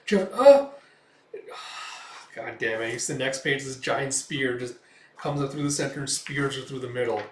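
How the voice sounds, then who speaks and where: A man's voice: medium pitch, level tone, fairly quick, fairly bright tone, distant mic, slight background noise. A man hosting a casual comic read-through, retelling scenes loosely with many fillers, recorded in an echoey room away from the mic. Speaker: comic reviewer.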